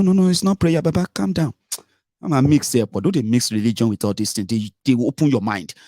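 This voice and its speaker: A Nigerian man giving scornful political commentary, mixing English, Yoruba and pidgin, swinging from low grumbling to loud outbursts. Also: no room sound, clean studio sound.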